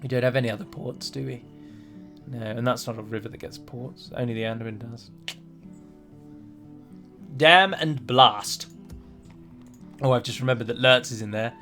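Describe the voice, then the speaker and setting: Bright-voiced man rambling over gameplay. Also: mid-range voice, moderate pace, pauses often, faint music behind. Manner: rambling, self-deprecating, chatty asides. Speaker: gameplay commentator. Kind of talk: casual gameplay commentary.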